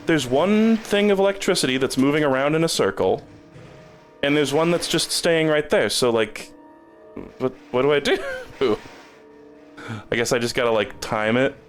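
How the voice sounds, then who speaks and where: A man's voice: fairly high pitch, lively intonation, moderate pace, long pauses, soft background music. A man streaming a game, rambling in casual commentary and stumbling over repeated words when he gets stuck.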